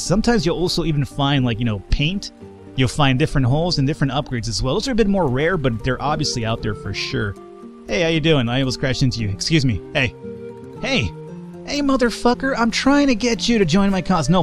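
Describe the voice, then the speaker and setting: Excitable, profane gaming commentator. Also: male voice, mid-range voice. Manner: excitable, profane, jokey, laughs often. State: tipsy, slurring a little. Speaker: gaming channel host. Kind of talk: let's play commentary.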